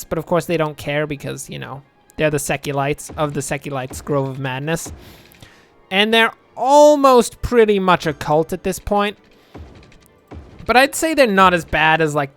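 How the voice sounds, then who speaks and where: A man's voice: fairly high pitch, fairly bright tone, clean tone, no echo. A young man casually commentating his gameplay, rambling and joking, muttering asides to himself at a home desk microphone. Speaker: let's play host.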